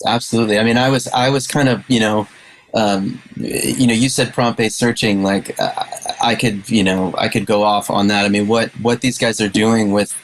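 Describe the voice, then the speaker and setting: A man on a panel discussion talking with excited enthusiasm, stammering and restarting his sentences as he goes. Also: lowish voice, normal speed, low-quality recording.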